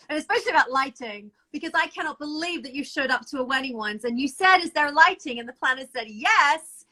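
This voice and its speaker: A woman hosting a casual interview over a video call, enthusiastic and quick to agree. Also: sits high, expressive, pushed and bright, poor audio. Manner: enthusiastic, reactive, frequent agreement. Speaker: host.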